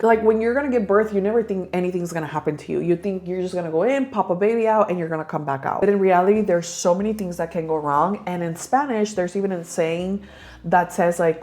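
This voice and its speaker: Chatty young woman with a mellow voice. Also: lowish voice. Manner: chatty, addresses viewers as girl and you guys, many likes; switches into Spanish phrases. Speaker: vlogger. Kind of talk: casual storytelling to camera.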